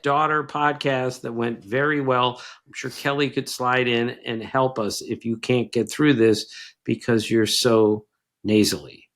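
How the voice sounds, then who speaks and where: An older man with a nasal voice, mid-pitched and ordinary in tone. He chats casually on a podcast, teasing and quizzing his son before reeling off numbers. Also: steady tone, a little slow, a bit bright. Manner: teasing, quizzing, rattling off stats. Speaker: podcast co-host, baseball writer.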